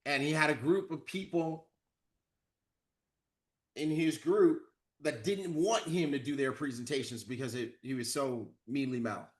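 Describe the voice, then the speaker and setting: A man's voice: medium pitch, a little slow. A man giving a motivational training talk, coaching his audience and acting out sample phone calls with lots of energy. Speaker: network marketing trainer.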